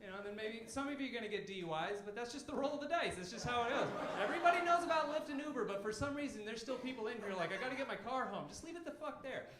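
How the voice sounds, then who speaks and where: Brief: male stand-up comic, loose profane delivery, lively pitch, live club with background noise. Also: racing, hardly any pauses, echoey room, over a noisy crowd. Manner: profane, conversational ranting. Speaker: stand-up comedian. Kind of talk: stand-up routine. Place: comedy club stage.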